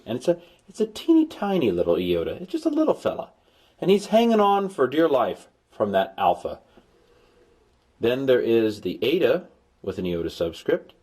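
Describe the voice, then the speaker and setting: Low-voiced man teaching with playful asides. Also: warm tone, husky. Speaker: Greek tutor. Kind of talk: recorded language lesson.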